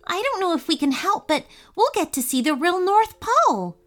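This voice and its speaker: A woman voicing an excited, curious little girl in a storybook reading, eager and insistent. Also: extremely high pitch, moderate pace, faint music behind, voice pushed up, heavily acted.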